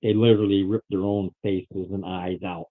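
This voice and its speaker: A man voicing a grim, terrified father who threatens adventurers with slow, ominous words. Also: low-pitched, little pitch movement. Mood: haunted. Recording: phone-like lo-fi recording.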